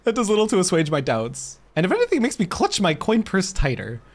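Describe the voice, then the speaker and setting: A man's voice: high-pitched, wildly swooping pitch, fast, voice pushed up, full character voice. A man reading aloud the lines of a wary, weary villager in a fantasy game, in stiff, formal old-fashioned speech.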